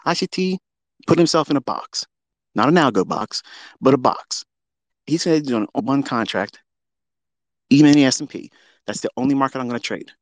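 A man ranting brashly on a trading livestream, boastful and profane, jumping from loud outbursts down to low muttering. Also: animated, normal speed, long pauses, no room sound.

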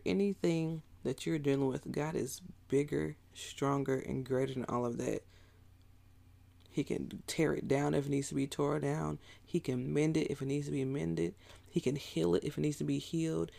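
A man delivering a sermon in a relaxed, talky style, often stopping to speak straight to his listeners. His voice sits a little higher than most men's and carries a gravelly rasp. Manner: casual, conversational preaching with asides to the listeners. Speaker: preacher.

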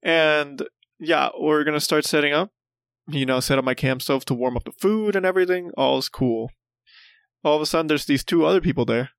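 Creaky young man telling a story. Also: fairly high pitch, normal speed, dry recording, studio quality. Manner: animated, laughs often, acts out quotes. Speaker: podcast co-host. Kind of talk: casual storytelling chat.

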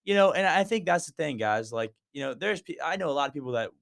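A man's voice: on the high side, expressive, fast, vocal fry, a bit bright, no room sound, studio quality. A man co-hosting a podcast, talking in an enthusiastic, upbeat way and often repeating words as he starts a thought. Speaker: podcast co-host. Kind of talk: casual chat.

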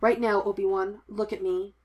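A young male Jedi knight, firm, commanding and steadying, read by a woman narrator. Her voice stays near her own middle pitch. Fan fiction audiobook. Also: flat delivery, moderate pace, darkish tone, lightly acted.

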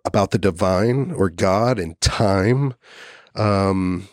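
A man's voice: low-pitched, slow, no echo, clean studio sound. A man hosting a podcast, asking loose, meandering questions and encouraging his guest. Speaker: podcast host. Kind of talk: casual interview.

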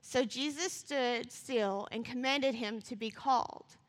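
A woman preaching a sermon. She reads scripture and talks fast, rising to passionate calls. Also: a little high. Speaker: church speaker. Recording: long reverb of a church hall.

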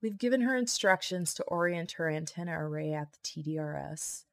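A woman's voice: low voice, expressive, a little fast, no room sound. A woman reading the lines of a wry, hard-drinking woman official in an audiobook, dry and matter-of-fact.

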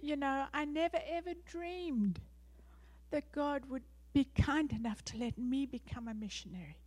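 A woman's voice: sits high, normal speed, a little mellow. A middle-aged woman with a South African accent, a missionary speaking earnestly to a church congregation, often laughing lightly. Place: church sanctuary.

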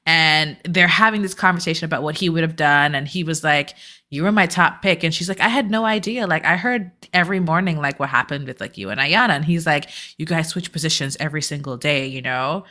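A woman's voice: low voice, brisk. A woman co-hosting a podcast who recaps a reality show in casual chat, ranting and acting out what people said. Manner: animated, acts out quotes, rants. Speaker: podcast co-host.

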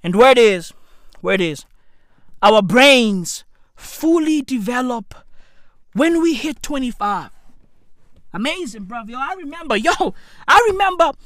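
A woman rambles through a loud comic monologue, circling back on her own words and swearing freely. Her voice sits high and swoops all over the place. She takes her time, and the sound is close and dry. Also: no echo. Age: 30s. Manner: loud, rambling, repeats herself, swears, slangy.

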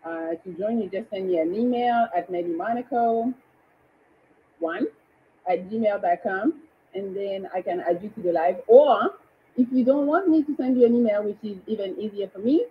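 A woman's voice: medium pitch, moderate pace, highs cut off, slight background noise. A woman hosting a live dating show, chatting and greeting viewers by name. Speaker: livestream dating show host. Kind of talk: casual livestream hosting.

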